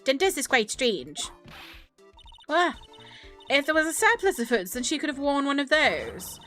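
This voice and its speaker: Woman voicing a haughty female prosecutor, cold, cutting, somewhat high voice. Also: big pitch swings, measured pace, fairly bright tone, faint music behind, exaggerated voice.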